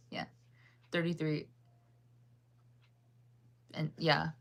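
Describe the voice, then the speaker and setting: This deep-voiced American woman in her thirties speaks extremely slowly with a flat delivery, vocal fry, and a slightly bright edge. On her livestream she rambles through casual chat and reads chat messages aloud, laughing and saying um a lot.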